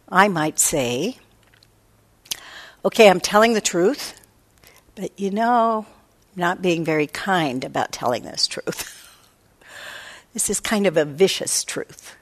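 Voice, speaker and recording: A woman's voice: on the low side, sing-song, slow, long pauses. A woman meditation teacher giving a reflective dharma talk, often voicing her own inner thoughts. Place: meditation hall.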